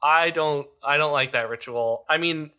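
A man with a bright, crisp voice that sits a little high for a man co-hosts a comedy podcast. He riffs on everything his co-host reads out with playful mock outrage. The talk is loose and casual. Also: moderate pace. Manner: riffing jokes, playful outrage.

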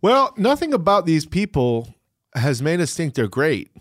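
A man chats casually, dropping wry, deadpan remarks. His pitch rises and falls a lot, which keeps his voice animated. The sound is dry and close to the mic. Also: measured pace, no echo. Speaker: podcast co-host. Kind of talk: casual chat.

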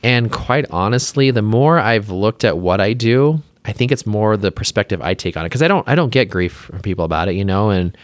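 A man's voice: on the low side, animated, brisk, hardly any pauses, no room sound. A man who is a plastic surgeon, chatting casually as a podcast guest, talking in loose rambling sentences full of fillers and openly emotional. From Utah, US.

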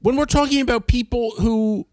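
A man's voice: very high voice, fairly even intonation, normal speed, a little mellow, no room sound, clean studio sound. A middle-aged man, chatting casually and acting out the people in his stories. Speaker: podcast guest. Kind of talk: casual storytelling chat.

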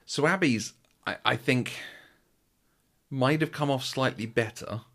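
A man's voice: mid-range voice, unhurried, fairly bright tone. A man co-hosting a podcast, chatting casually in a rambling way with frequent restarts. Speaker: podcast co-host. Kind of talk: casual chat recapping a baking show.

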